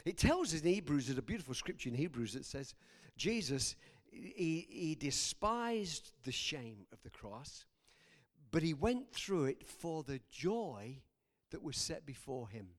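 A male preacher delivers a sermon in a high, lively voice whose pitch leaps up and down. Unhurried, he laughs between lines and swings between loud exclamations and hushed, quiet passages.

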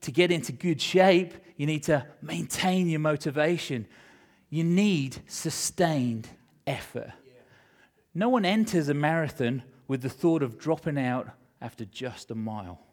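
A middle-aged male pastor preaching a sermon, telling a personal story with animated emotion, swinging between loud and hushed. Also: fairly high pitch, unhurried.

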